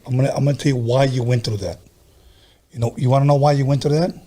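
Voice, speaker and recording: A man's voice: medium pitch, fairly even intonation, fast, dark tone. A man hosting a podcast who gives an emphatic, preachy pep talk, repeating his key phrases. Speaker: podcast host. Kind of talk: casual interview, encouraging talk.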